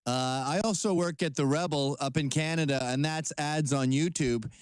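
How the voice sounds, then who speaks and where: A man appearing as a guest on a talk show, answering questions in a measured, conversational way. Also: fairly high pitch, smooth, dry recording.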